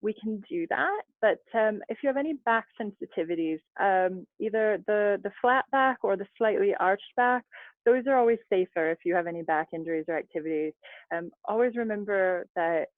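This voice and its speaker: A woman leading a yoga class over a video call, giving calm, chatty cues with little laughs and asides. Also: mid-range voice, normal speed, no echo. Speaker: yoga instructor. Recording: dry, phone-like video call audio.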